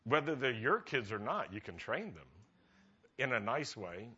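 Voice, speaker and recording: A man's voice: medium pitch, big pitch swings, normal speed, pushed and bright, breathy edge, highs cut off. A man preaching a humorous sermon as a rabbi, chatty and often laughing at his own jokes.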